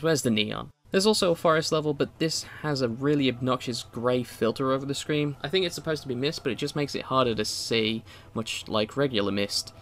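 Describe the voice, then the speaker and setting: Male reviewer for a voice-over, mid-pitched, dry quips in a scripted read, faint music underneath. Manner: wry, opinionated asides. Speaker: video game reviewer.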